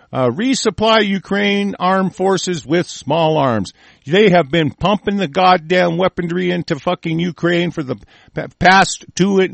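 A man's voice: a little high, vocal fry, no echo. A man from the United States hosting a show, angrily swearing and ranting about the news and stumbling as he reads headlines aloud. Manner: angry, swearing, shouting insults. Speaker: host. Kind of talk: profane ranting commentary on news.

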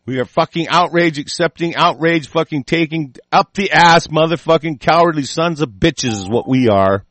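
An American man hosting an online show, delivering a profane, angry political rant that swings from muttering to shouting while sick. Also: on the high side, normal speed, no room sound. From United States.

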